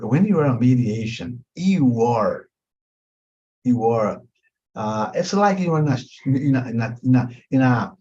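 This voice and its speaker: A man's voice: medium pitch, a little mellow, dull audio. A man teaching mediation in a webinar, with an emphatic, repetitive delivery that stretches out key words. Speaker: mediation instructor.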